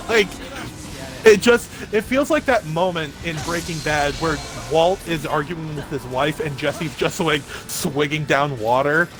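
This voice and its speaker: A man's voice: fairly high pitch, very animated, slow pace. A young man streaming a game, telling a rambling story in casual chat and leaning heavily on filler words. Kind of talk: casual chat while gaming. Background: game music.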